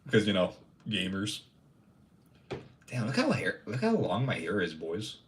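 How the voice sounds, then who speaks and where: A young man live-streaming, chatting casually with his viewers, rambling, swearing and joking, with sudden loud bursts of mock outrage. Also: on the low side, wildly swooping pitch, a little slow.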